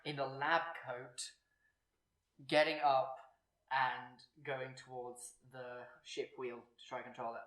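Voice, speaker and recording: A man's voice: medium pitch, level tone, slow pace, fairly bright tone, distant mic. A man running a tabletop game as game master, narrating in a rambling, hesitant way. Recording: echoey room, off-mic.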